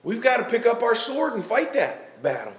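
A man's voice: very high-pitched, big pitch swings, moderate pace, echoey room. A middle-aged man preaching a sermon in a church, folksy, calling out members of the congregation by name.

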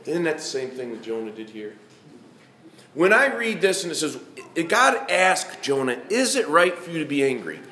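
A man's voice: a little high, big pitch swings, moderate pace, bright, forceful tone, a little hiss or hum. A man in his fifties preaching a sermon, reading scripture and acting out quoted pleas with rising intensity. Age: 50s. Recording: echoey room with faint ambience.

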